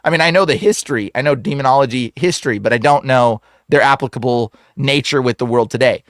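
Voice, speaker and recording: A man who is a guest on the show, telling a story in a casual, slangy way full of "like" and "bro", animated and acting out the voices in it. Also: mid-range voice, fast, no room sound, clean studio sound. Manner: slangy, fills speech with "like" and "bro". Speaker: exorcist guest.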